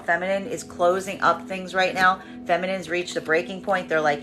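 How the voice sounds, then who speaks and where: Expressive woman giving a tarot reading. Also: fairly low pitch, normal speed, hardly any pauses, soft background music. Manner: expressive, acts out quoted voices. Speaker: tarot reader.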